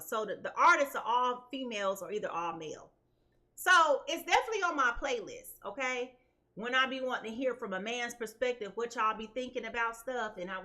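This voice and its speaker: Woman, tarot reader, bright voice, a bit high, chatty, emphatic, keeps checking in with listeners. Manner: animated and emphatic, keeps asking listeners "okay?"; chatty and colloquial, addresses viewers as "y'all". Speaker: tarot reader and channel host. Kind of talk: casual commentary before a tarot reading.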